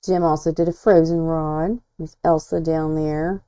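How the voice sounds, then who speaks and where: A woman hosts a relaxed livestream in a low, mellow voice. She talks in a chatty, admiring way and pokes fun at herself now and then. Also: unhurried, smooth, low-quality recording. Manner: chatty, self-deprecating, admiring. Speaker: host. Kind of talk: casual livestream commentary.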